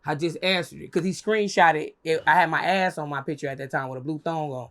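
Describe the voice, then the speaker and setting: Speaking a little fast, this young interview guest spins a casual story full of animation and profanity. When quoting others, she switches into a high voice to act out their lines.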